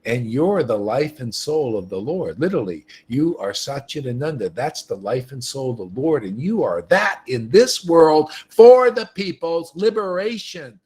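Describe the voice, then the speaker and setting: A man hosting a livestream, preaching with animated emphasis, repeating himself and laughing often. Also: medium pitch, unhurried, few pauses, husky. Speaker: livestream host. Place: livestream setup.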